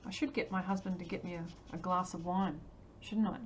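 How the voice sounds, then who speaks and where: A woman's voice: on the low side, fairly even intonation, brisk, slight background noise. An Australian woman chatting casually on a livestream as she paints, answering viewers with many ums and frequent laughs. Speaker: livestream artist.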